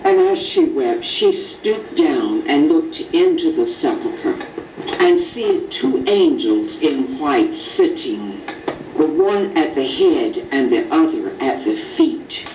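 A woman reading Bible verses in a measured way, announcing each verse number. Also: deep voice, huge pitch swings, warm tone, faint music behind. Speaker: scripture reader. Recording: distant, roomy, dull recording.

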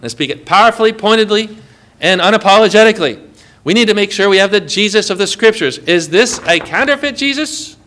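A man preaching a sermon, lively and emphatic, asking the congregation questions. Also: high voice, brisk.

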